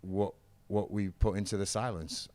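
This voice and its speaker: A man's voice: lowish voice, level tone, normal speed, darkish tone, dry recording. A middle-aged man in a casual interview, telling stories in an enthusiastic, rambling way. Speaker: interview guest, former football manager and musician. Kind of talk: casual chat.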